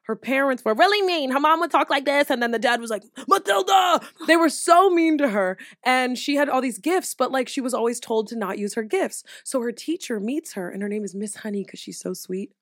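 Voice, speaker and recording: A young woman with a slightly high voice hosts a loose studio conversation. She talks with animated energy, laughs often and curses casually. The sound is close and dry. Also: fairly quick, few pauses, no room sound. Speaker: podcast host.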